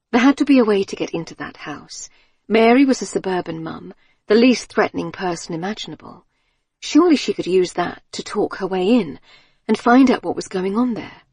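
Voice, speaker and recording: Breathy woman narrating a story. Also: mid-range voice, darkish tone, dry recording, clean studio sound. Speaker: audiobook narrator. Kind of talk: scripted narration.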